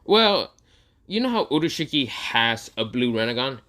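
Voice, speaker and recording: A man's voice: medium pitch, big pitch swings, moderate pace, pushed and bright. A young man casually retelling an imagined fan story, rambling with many fillers and self-corrections.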